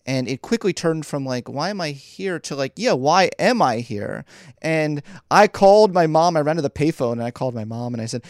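Lively, laughing male podcast guest. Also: a little fast, dry recording, clean studio sound. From Philadelphia area, United States. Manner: laughs often, lively shifts in pitch when quoting people. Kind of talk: animated storytelling in a podcast interview.

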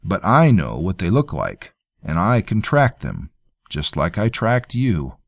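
Man voicing a stubborn broke commoner tracker, blunt and bold, low voice, dry recording. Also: very animated, unhurried, gravelly, no echo, exaggerated voice. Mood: insistent. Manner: blunt, plain-spoken.

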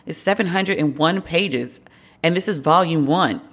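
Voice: medium pitch, normal speed, a bit bright. A podcast host giving casual, candid commentary alone, wry and opinionated, with slangy asides.

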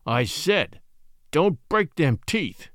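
A man voicing a menacing gambler who talks in a slow, ominous drawl. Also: a little high, very animated, a bit bright, no room sound, studio quality.

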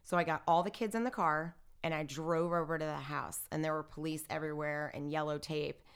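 A woman's voice: low-pitched, a little fast, smooth. A woman telling a personal story in casual conversation, acting out what others said and using lots of "like". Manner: animated retelling, acts out what others said; filler-heavy, lots of "like" and "I'm like". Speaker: interview guest.

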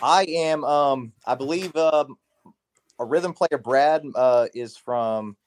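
A man's voice: mid-range voice, slow pace. A man from South Carolina with a light Southern accent, a musician guest rambling easily in a casual interview. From Charleston, South Carolina. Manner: laid-back, rambling with fillers.

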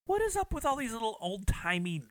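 A man's voice: very high-pitched, very animated, dry recording, studio quality. A man co-hosting a podcast, chatting casually and tossing in wisecracks. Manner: wisecracking, quick to react. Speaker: podcast co-host. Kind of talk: casual chat.

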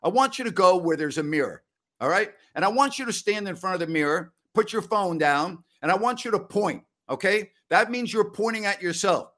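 A man's voice: sits high, lively intonation, brisk, pushed and bright. A middle-aged man hosting a basketball post-game live stream, launching into a fiery, mocking rant at a troll. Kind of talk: live-stream sports talk with rants.

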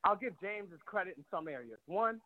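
A high-pitched man in his late thirties on a tinny phone line, out of breath as he calls from a gym. He talks cocky, profane trash in a fast, swaggering way. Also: animated. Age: 30s. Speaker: fighter calling in.

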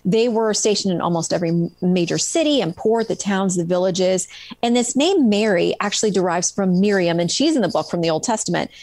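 A middle-aged woman talks about her book in an earnest, animated way, with many small fillers as she goes. Her voice sits at an ordinary pitch and is recorded dry, with no room around it. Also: brisk, no room sound. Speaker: guest author. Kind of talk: conversational storytelling interview.

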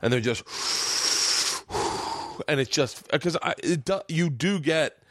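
Middle-aged guy on a podcast, animated storyteller, swears a lot, dry close mic. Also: on the high side, slow pace, dry recording. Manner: animated, swearing, acts out voices in anecdotes. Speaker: podcast host. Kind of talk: casual chat, storytelling.

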